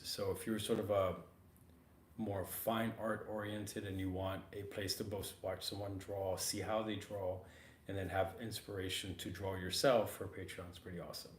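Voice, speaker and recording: A man hosting a casual art podcast in an art supply store, slightly hoarse from getting over losing his voice, talking in an easygoing, rambling way. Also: low voice. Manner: easygoing, rambling, many fillers. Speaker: podcast host. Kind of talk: casual chat. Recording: roomy store with faint ambient noise.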